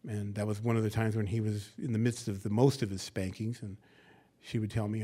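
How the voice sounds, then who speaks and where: A man preaching an expository sermon, moving between hushed, conversational asides and loud, emphatic verse reading, with folksy acted-out quotes. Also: lowish voice, flat delivery, fairly quick. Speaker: pastor.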